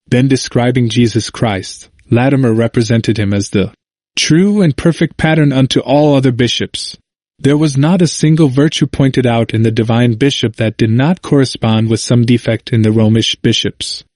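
A man narrating a history book in a measured, even reading. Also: mid-range voice, no echo, studio quality. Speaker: audiobook narrator.

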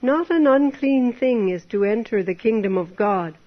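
A woman delivers a sermon in a fairly high voice, earnest and exhorting as she piles up rhetorical questions. The recording is dull and lo-fi. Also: expressive, moderate pace. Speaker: preacher. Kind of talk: temperance sermon.

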